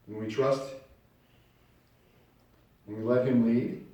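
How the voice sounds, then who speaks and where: A man's voice: mid-range voice, fairly even intonation, slow pace, warm tone. A man preaching a sermon as pastor, acting out little scenes as he tells stories. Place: church sanctuary. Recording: very echoey room, distant from the mic.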